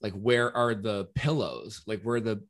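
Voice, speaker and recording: A man's voice: fairly low pitch, steady tone, normal speed. A man co-hosting a casual chat show from his apartment, telling stories in a rambling way with lots of ums and casual swearing. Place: apartment in New York.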